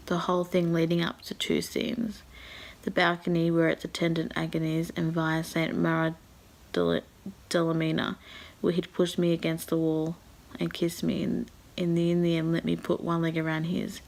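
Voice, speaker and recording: A woman with a fairly low voice and a lot of gravelly vocal fry. She reads passages from a novel aloud, breaking off into emotional reactions. She sighs and sometimes drops to a half-whisper. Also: monotone, moderate pace, darkish tone. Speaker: book vlogger.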